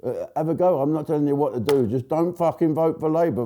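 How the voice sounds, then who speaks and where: A man's voice: a little high, fast talker, warm tone. Blunt older man ranting. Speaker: show host. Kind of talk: casual political comedy monologue.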